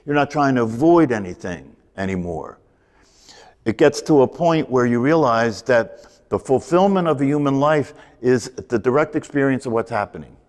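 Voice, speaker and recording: A man gives a meditation talk at an ordinary pitch, circling back over his points and throwing questions to the class. His voice rings out in a room with a long reverb tail. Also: expressive, normal speed, a little mellow. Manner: repetitive, emphatic, asks rhetorical questions. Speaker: meditation teacher. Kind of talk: spoken meditation teaching.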